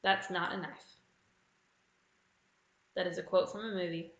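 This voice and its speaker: Aussie woman hosting online pub trivia, bright voice, reads clues slow and twice, bit of room echo. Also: lowish voice, fairly even intonation, muffled recording. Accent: Australian. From Australia. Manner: reads clues slowly and repeats them. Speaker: quiz host.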